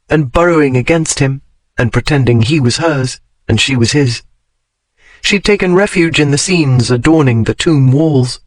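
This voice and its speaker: A man reading a romance novel aloud in a steady, measured storytelling voice. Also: a little high, dry recording, rough recording. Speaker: audiobook narrator. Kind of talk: scripted romance narration.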